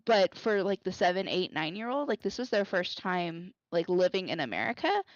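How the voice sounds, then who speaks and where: Calm woman storyteller, low voice, muffled dry mic. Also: moderate pace, no room sound. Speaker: player. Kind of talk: casual storytelling chat.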